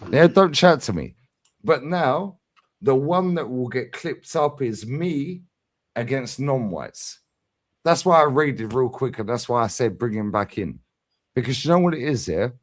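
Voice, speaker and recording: A middle-aged man, arguing hard on a fan livestream and pushing each point with a challenging "yeah?". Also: medium pitch. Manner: combative, emphatic, constant "yeah?" tags. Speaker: fan channel streamer. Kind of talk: heated livestream debate.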